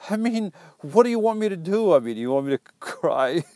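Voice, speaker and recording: A man's voice: sits high, very animated, normal speed, mellow, no echo. A man hosting a casual live stream, reading viewer comments aloud and joking back with playful teasing and stumbling restarts.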